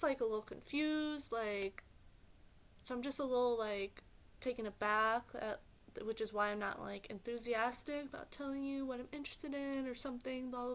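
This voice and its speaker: Bright-voiced woman rambling through a story. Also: fairly high pitch. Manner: rambling, filler-heavy retelling with many "like"s; exasperated, animated venting. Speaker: vlogger. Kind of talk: casual storytime vlog.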